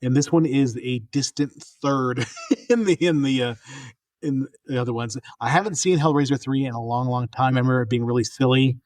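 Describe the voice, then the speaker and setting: A man's voice: mid-range voice, a little fast, a little mellow, dry recording. A middle-aged man from New Mexico, co-hosting a casual movie podcast, rambling and laughing often as he trails off and restarts. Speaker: podcast co-host. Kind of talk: casual chat.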